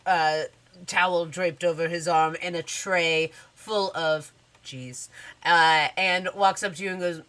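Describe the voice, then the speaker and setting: A woman serves as game master for a tabletop game, her fairly low voice bright and clear. She describes scenes in a relaxed way, speaking slowly and casually with plenty of fillers.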